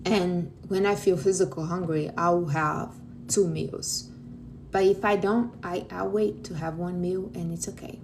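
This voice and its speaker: A woman's voice: lowish voice, fairly even intonation, a little slow, a little mellow, slight background noise. A woman from Brazil with a Brazilian accent, hosting a livestream and giving blunt, outspoken advice to her viewers, calling them honey. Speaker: livestream host. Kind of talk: casual direct advice to viewers.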